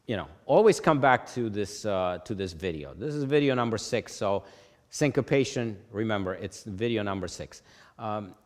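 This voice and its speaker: Low-voiced man teaching music theory. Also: big-room sound. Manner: explains patiently, checks in with "okay?", sings rhythm syllables. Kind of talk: online music lesson.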